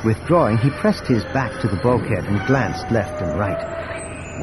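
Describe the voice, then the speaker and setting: A man narrating an audiobook in a steady, expressive reading. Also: on the low side, a little slow, background noise. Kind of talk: scripted narration.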